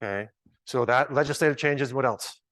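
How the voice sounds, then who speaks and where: A man's voice: mid-range voice, normal speed, a bit bright, dry recording. A man leading an informal training workshop, chatty and joking, thinking aloud as he works with the audience. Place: large ballroom with a live audience.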